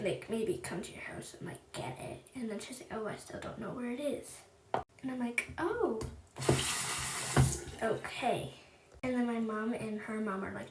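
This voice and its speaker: Young girl rambling a story while she gets ready for bed, kinda high voice, echoey bathroom, some noise behind. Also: distant mic. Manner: chatty, many "like"s, quotes her friends in dialogue. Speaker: vlogger. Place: bathroom then bedroom at home. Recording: echoey room with background noise.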